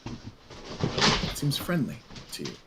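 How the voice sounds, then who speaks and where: A man narrating a tabletop game as game master, measured and hesitant with fillers. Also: very noisy.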